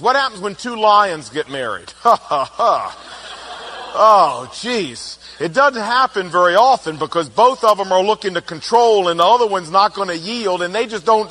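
A middle-aged man giving a humorous, animated talk, telling family stories and acting out quotes. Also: high-pitched. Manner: animated storytelling, playful, acts out quotes. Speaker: speaker on personality types.

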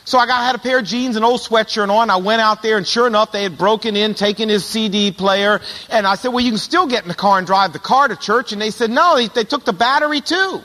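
Bright-voiced man preaching in a reverberant hall. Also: sits high, a little fast, few pauses. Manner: animated storyteller acting out quoted voices. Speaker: pastor. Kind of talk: sermon storytelling.

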